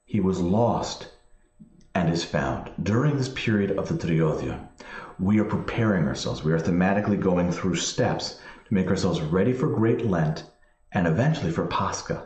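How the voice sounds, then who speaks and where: A man, a priest, slowly reading scripture and then explaining it in plain spoken asides. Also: sits low, lively intonation, darkish tone. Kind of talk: Bible study commentary. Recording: echoey room sound.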